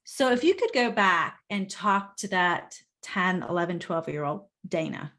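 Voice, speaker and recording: A woman's voice: fairly low pitch, lively intonation, measured pace, a bit bright. A woman hosting a podcast interview, casual and encouraging, affirming her guest. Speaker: podcast host.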